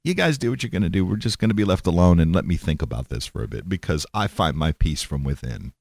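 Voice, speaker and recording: A man's voice: low-pitched, sing-song, fast talker, creaky, darkish tone, no room sound, studio quality, pitched below the performer's own voice, heavily acted. A man voicing a laid-back male Buddhist who sounds unbothered and serene. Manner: unbothered, shrugging.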